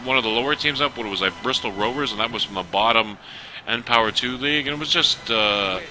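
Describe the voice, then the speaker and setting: A man's voice: mid-range voice, quick pace, noisy background. A man casually talking over his football game footage, rambling with lots of fillers and restarts. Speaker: gaming video host. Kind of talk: casual gameplay commentary.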